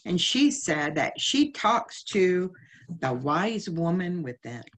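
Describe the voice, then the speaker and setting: A woman's voice: fairly low pitch, big pitch swings, slow pace, a little hiss or hum. A woman giving a heartfelt, conversational spiritual teaching lecture at a chapel service, often asking her listeners questions. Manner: heartfelt, asks the congregation many questions.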